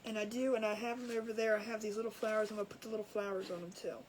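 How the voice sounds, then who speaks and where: A woman's voice: mid-range voice, flat delivery, racing, slight background noise, rough recording. A woman chatting casually to viewers while she crafts, laughing often at her own jokes. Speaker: crafting livestream host. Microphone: camera over a crafting table.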